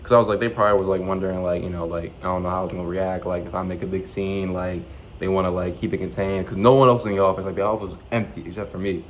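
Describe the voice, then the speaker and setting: A young man rattles through a personal story at a quick clip, his voice sitting fairly low. He talks in slang and swears freely, with plenty of fillers. A faint hiss of background noise sits under the recording. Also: rough recording. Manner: animated, profane, slangy retelling with lots of fillers. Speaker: vlogger. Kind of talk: casual storytelling.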